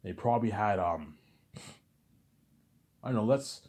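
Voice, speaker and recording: A man's voice: fairly low pitch, expressive, a little slow, a little mellow. A man vlogger ranting in a casual monologue, repeating himself and swearing freely. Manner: repetitive, profane ranting.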